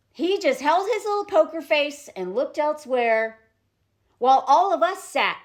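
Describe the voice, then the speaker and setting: A woman records herself talking to camera in an opinionated commentary vlog. Her voice sits high and leaps around as she tells the story, and her tone is animated and indignant. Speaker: vlogger. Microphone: self-recorded to camera.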